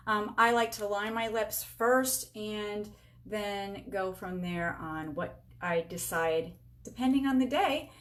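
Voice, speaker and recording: A woman's voice: mid-range voice, slow, a bit bright. Chatty woman in her forties, upbeat. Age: 40s. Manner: chatty, talks to herself and viewers while working; upbeat, self-teasing. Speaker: beauty sales rep demonstrating makeup. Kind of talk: casual live-stream makeup tutorial. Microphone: camera with a halo light.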